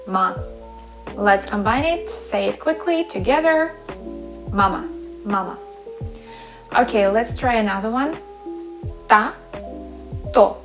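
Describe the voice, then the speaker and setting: A woman with a Ukrainian accent teaching a language lesson. She sounds out syllables one at a time, then blends them into whole words. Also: fairly high pitch. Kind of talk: slow, patient language lesson. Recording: clear music playing behind.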